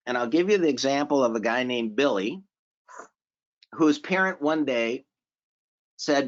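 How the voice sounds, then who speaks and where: A man presenting a seminar in a relaxed, conversational way, repeating phrases for emphasis and asking the audience questions. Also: medium pitch, measured pace, long pauses. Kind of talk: conversational lecture. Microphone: remote conference audio. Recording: slightly dull audio from a virtual conference.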